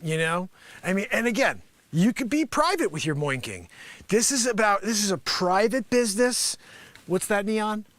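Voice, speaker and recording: A man with a high, bright, sharp voice improvises a sarcastic comedy sales pitch on a live stream. He rambles through filler phrases and swoops wildly up and down in pitch, breaking into loud bursts. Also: moderate pace, no room sound. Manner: animated, jumps to loud outbursts.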